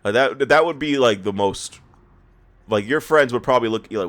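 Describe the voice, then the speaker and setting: Speaking briskly in a medium-pitched, fairly bright voice, a tired man fresh out of bed talks casually over his gameplay as a let's play host. He rambles, stammers, laughs, and is self-deprecating.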